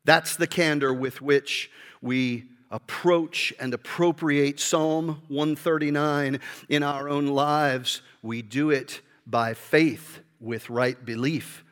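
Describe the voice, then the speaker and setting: A man preaching a sermon with passion, rising to loud emphasis and dropping to soft, low asides. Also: fairly even intonation, takes it slowly, clean tone. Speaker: pastor. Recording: hall reverb.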